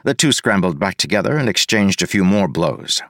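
A man giving scripted audiobook narration, reading fight scenes briskly. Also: low-pitched, lively intonation, fairly bright tone, dry recording, studio quality.

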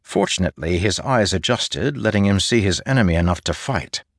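A male narrator with a deep, low voice reads a fantasy audiobook in a measured, steady way. The sound is dry and close, with no room echo.

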